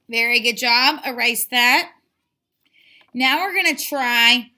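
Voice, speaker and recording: A woman teaching a children's phonics lesson, sounding out letters slowly and praising often with repeated encouragement. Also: a little high, bright, forceful tone. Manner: slow, drawn-out sounding out of letters; encouraging and repetitive.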